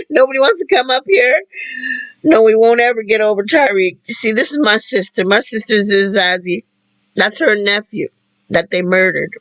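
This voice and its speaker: A livestream host talking while in tears, halting and repeating phrases. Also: medium pitch, lively intonation, fairly bright tone, dry recording, low-quality recording. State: tearful. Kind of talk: emotional spoken-word livestream talk.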